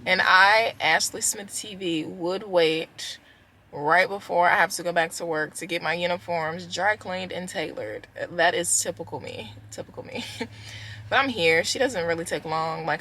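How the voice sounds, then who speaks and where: A woman's voice: medium pitch, pushed and bright, slight background noise, rough recording. A young woman chatting casually in a vlog, telling stories from her car with lots of "like" and "y'all". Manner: chatty storytelling with many "like"s and "y'all". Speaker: vlogger, flight attendant. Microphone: handheld camera.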